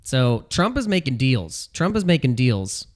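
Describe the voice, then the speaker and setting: A man giving casual commentary as a video host, animated and ranting, repeating phrases and laughing at his own jokes. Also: medium pitch, unhurried. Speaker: crypto YouTuber. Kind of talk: casual talking-head commentary.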